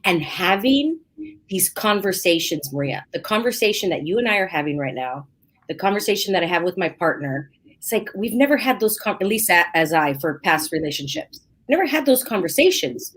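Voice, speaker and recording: A woman's voice: on the low side, a little fast, breathy edge. A woman hosting a casual podcast, talking openly and expressively, acting out little quoted exchanges. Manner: open and expressive, acts out her own quotes. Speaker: podcast host.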